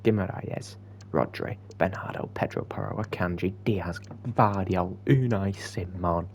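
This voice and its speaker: A young man commentating on his own football video game match, moving between quiet muttered asides and excited outbursts. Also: low-pitched, a little slow, creaky, slight background noise. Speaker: gaming YouTuber. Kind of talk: gameplay commentary.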